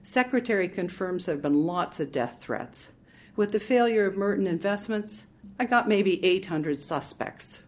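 A woman's voice: medium pitch, lively intonation, moderate pace, close to an everyday voice. Woman narrator reading a dry male detective; audiobook, understated. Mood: wry. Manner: dry and matter-of-fact. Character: wry, steady male detective.

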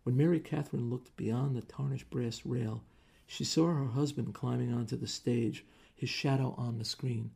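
A man reads a story aloud in measured, steady narration. His voice is gravelly and dark, with a husky edge. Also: medium pitch.

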